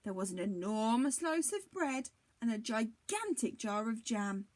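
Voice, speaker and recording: A teacher reading a storybook aloud to young children in an expressive, dramatic way. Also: female voice, on the high side, measured pace.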